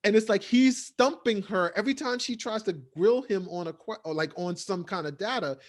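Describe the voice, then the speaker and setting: A man's voice: high-pitched, normal speed. A man co-hosting a podcast, casually reviewing a TV episode in a rambling way, with lots of fillers. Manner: rambling, filler-heavy recap. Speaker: podcast co-host.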